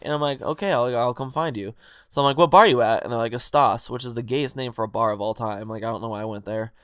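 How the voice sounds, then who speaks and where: A man's voice: mid-range voice, fast, clean tone, no room sound, studio quality. Profane young man telling a story. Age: young adult. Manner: rambling, profane, animated retelling with quoted dialogue. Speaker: vlogger. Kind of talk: casual storytime vlog.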